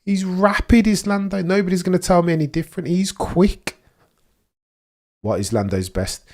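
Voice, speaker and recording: This young man's voice is high-pitched and darkish, moving at a moderate pace as he hosts a live watchalong. His casual commentary is rambling and opinionated, with frequent sentence restarts.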